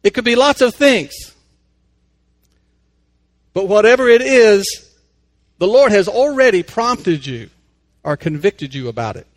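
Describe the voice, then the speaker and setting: A man, a radio host and life coach, giving a conversational, unhurried faith-based inspirational talk that moves from a story into reflection. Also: high voice, expressive.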